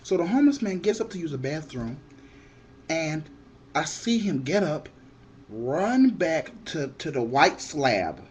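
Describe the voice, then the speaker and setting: A young man telling a comic story in an excitable way, shouting the punchlines and acting out the other people in it. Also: on the high side, unhurried, slight background noise.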